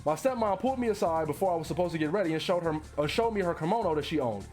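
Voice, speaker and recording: A man's voice: a little high, lively intonation, very fast, a little mellow, soft background music. A man streaming his reactions to online posts, reading them aloud with profane, incredulous commentary and frequent laughter.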